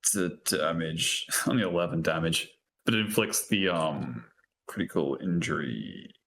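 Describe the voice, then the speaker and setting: A man playing a tabletop role-playing game, talking through his turn in a relaxed way with small chuckles. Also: low-pitched, moderate pace, creaky, slight background noise. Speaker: player. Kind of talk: casual tabletop game chat.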